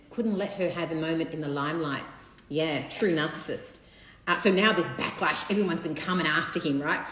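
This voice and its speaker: A woman gossiping casually while she assembles a seafood platter in her home kitchen, with children bathing somewhere in the house. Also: fairly low pitch. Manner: chatty, gossipy, candid, occasional swearing. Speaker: vlogger. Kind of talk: casual chat while cooking. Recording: echoey room, faint background noise. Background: children splashing in a bath.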